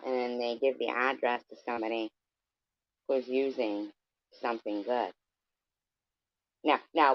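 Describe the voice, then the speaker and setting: A man's voice: medium pitch, steady tone, normal speed, long pauses, dry recording. A man ranting in a scornful, profane, rambling way, as a vlogger talking casually to his viewers. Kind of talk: casual rant. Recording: dull, dry lo-fi recording.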